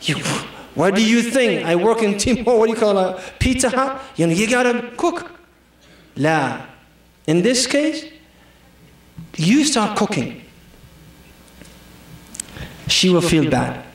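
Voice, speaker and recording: A man's voice: high voice, sing-song, measured pace, long pauses. A man with as his giving a humorous sermon, acting out quoted dialogue. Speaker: preacher. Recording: echoey hall, from far off.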